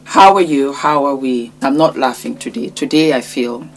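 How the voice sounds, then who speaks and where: A woman vlog host talking in a subdued, hesitant way, sad and short on sleep, with halting pauses. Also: extremely low pitch, slight background noise. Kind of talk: commentary vlog.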